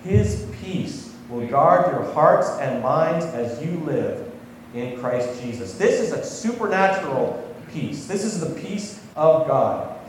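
A man's voice: on the high side, animated, slow, slight background noise. A man preaching a sermon, speaking conversationally and putting questions to his listeners. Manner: conversational, asks the congregation questions. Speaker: pastor. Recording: echoey hall, voice from far off.

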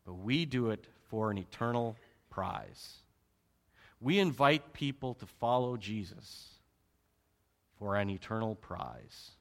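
A man preaching a sermon with animated emphasis, rhetorical questions and joking asides. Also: on the low side, takes it slowly, gravelly, pauses often. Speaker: pastor.

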